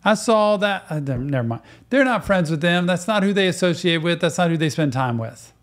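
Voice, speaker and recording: A man's voice: high-pitched, animated, brisk. A man hosting a reaction video, talking earnestly and conversationally about a clip. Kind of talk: reaction commentary.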